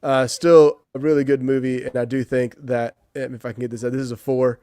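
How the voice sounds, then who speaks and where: Co-host, male, chatty and rambling, dry close sound, plain mid pitch. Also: level tone, a little fast, dark tone, clear, resonant tone, no room sound. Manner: rambling, many restarts and "you know". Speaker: podcast co-host, movie reviewer. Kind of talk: casual chat.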